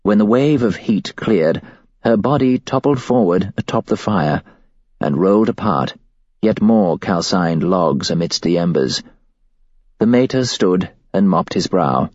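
Very low husky male narrator. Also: lively intonation, a little mellow, no echo. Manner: measured, grave storytelling. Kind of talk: scripted narration, first-person letter. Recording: dull dry lo-fi recording.

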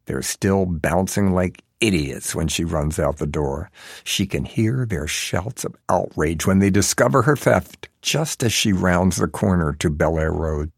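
A man narrating a comic story in a wry, measured storytelling manner. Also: sits low, gravelly, husky, dry recording, clean studio sound. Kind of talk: scripted narration.

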